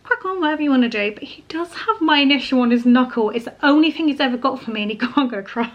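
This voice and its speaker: A woman's voice: sits high, fast, lo-fi sound. A young woman from England, a homemaker, chatting casually to camera in a personal vlog. She gets teary and laughs often as she talks. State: teary, crying at times. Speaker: vlogger, homemaker.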